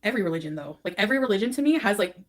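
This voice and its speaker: A woman's voice: medium pitch, expressive, rapid-fire. A woman on a livestream, talking in a scattered, confessional, rambling way.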